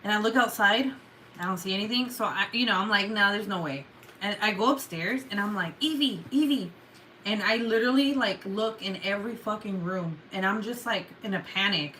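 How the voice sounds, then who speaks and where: A woman's voice: medium pitch, a little fast, slight background noise. A young adult woman telling a story casually to her viewers, swearing freely and acting out her own outbursts. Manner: swears a lot, animated retelling with loud outbursts. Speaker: vlogger.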